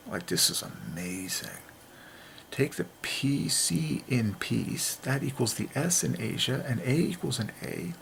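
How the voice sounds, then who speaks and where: A gravelly-voiced man talks through letter-by-letter word comparisons with mounting excitement. He often sinks into a hushed whisper for emphasis. A faint hiss of noise sits behind him. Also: medium pitch, a little slow. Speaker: channel host. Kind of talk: religious letter-counting monologue.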